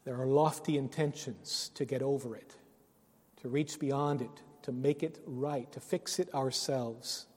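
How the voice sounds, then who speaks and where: A man's voice: medium pitch, steady tone, measured pace, slightly rough, faint music behind. Preaching man in a reverberant hall. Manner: earnest, swings between loud emphasis and hushed phrases. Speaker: pastor. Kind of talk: sermon.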